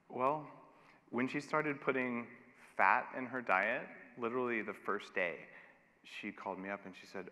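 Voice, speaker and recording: A man's voice: on the low side, a little fast. Man giving a keynote in a reverberant hall. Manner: energetic, emphatic, wry. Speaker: keynote speaker. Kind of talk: conference keynote. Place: large conference hall.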